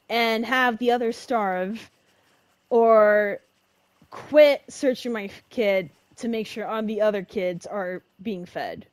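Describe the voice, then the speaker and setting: A young woman giving emotional, dramatic let's-play commentary in casual slang, reacting loudly to what happens in the game. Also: on the high side, dry recording. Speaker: gamer.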